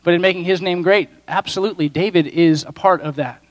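A pastor delivering a sermon in a lively, conversational way with playful voiced asides. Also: male voice, high voice, brisk. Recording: reverberant hall.

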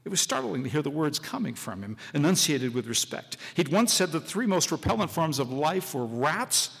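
A man giving a live stage reading of a short story, expressive and dry, in a large public hall. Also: a little high, moderate pace, creaky, husky. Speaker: story reader. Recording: live hall, long reverb.

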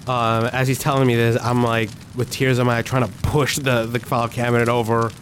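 A man's voice: mid-range voice, level tone, fairly quick, a little hiss or hum. A man playing a tabletop role-playing game, speaking hesitantly and emotionally, with many fillers and restarts. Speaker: player.

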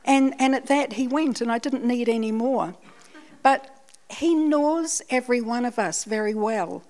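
A woman's voice: fairly high pitch, a little slow, a little mellow. Scottish woman telling a faith story. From Scotland. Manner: chatty storytelling, self-deprecating humour. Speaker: church speaker. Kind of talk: sermon with personal testimony.

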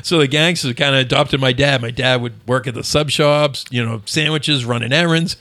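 A man in his fifties, a podcast guest telling stories in an animated, chatty way and often checking in with "you know what I mean". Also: medium pitch, dry recording. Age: 50s. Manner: animated, quick storyteller who keeps asking "you know what I mean". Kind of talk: casual storytelling.

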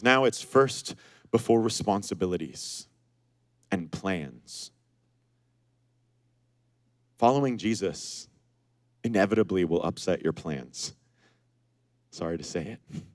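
A man in his thirties preaching a sermon as pastor, animated, acting out the voices he quotes. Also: lowish voice, no room sound, clean studio sound.

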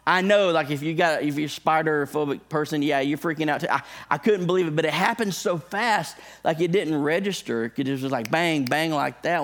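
A pastor tells a funny personal story within a sermon, speaking in an animated way, and his voice jumps up high when he gets excited.

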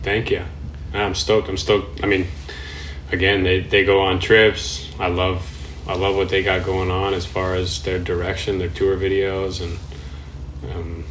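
A man's voice: low-pitched, completely flat delivery, measured pace, a bit bright, slight background noise, low-quality recording. A man talking as a podcast guest in a laid-back, casual way, swearing freely and laughing often. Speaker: podcast guest, professional skateboarder. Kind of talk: casual chat.

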